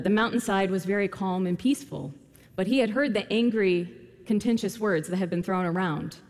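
A woman's voice: mid-range voice, darkish tone. A woman preaching a sermon, retelling a scripture story and addressing her congregation directly. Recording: long hall reverb.

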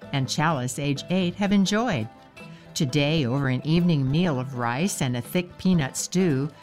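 A woman narrating a scripted family story in a calm, measured way. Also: deep voice. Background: guitar music.

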